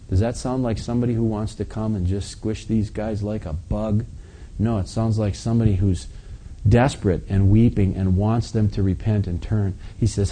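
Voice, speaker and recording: A man preaches a sermon in a very dark, mellow voice with a slightly husky grain. He talks through scripture, dropping to quiet asides and then building to loud, forceful readings. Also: fairly even intonation, normal speed. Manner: preaching with big swings in volume and pitch, reading scripture aloud forcefully. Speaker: pastor.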